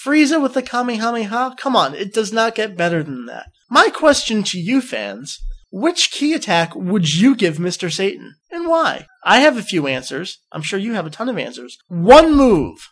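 A young man with a notably high voice hosts a casual fan podcast. He rambles and jokes with excitable energy, hyping a contest to his listeners. He is from New Jersey. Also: moderate pace. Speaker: podcast host.

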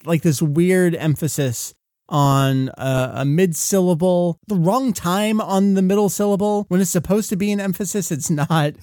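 A man's voice: high voice, normal speed, warm tone, dry recording, studio quality. A man in his thirties hosting a podcast, chatty and laughing often as he leads the questions. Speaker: podcast host. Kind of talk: casual conversational chat.

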